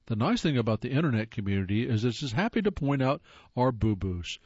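Man narrating jokes with a lively, bouncing voice. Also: mid-range voice, a little fast, dry recording, highs cut off. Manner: wry, playful delivery of jokes. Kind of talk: scripted comedic narration.

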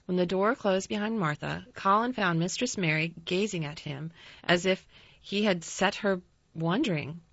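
A woman reading a storybook aloud in a calm, measured narration. The recording is dry and slightly dull, with nothing behind her. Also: fairly low pitch, dry recording. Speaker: audiobook narrator.

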